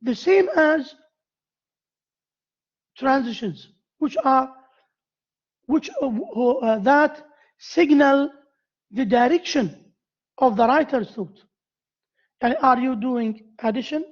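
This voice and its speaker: A woman with an Arabic accent giving a university lecture. She pauses often, repeats key phrases and asks the class questions. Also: high-pitched. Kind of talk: classroom lecture on essay writing. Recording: dull lo-fi lecture recording.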